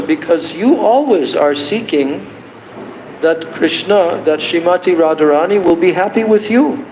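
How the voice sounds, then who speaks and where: A man giving a devotional lecture, slowly explaining and chanting song verses as a spiritual teacher. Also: a little high, darkish tone, slight background noise. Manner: slow and deliberate, chanting verses. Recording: roomy, dull, lo-fi livestream.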